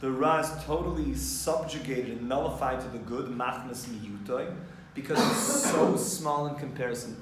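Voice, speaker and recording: A man's voice: medium pitch, normal speed, slight background noise. Male teacher in an echoing room. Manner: lively, explanatory, mixing in Hebrew terms. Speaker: Torah teacher. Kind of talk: informal class lecture. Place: classroom. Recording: echoey room, distant mic, faint ambience.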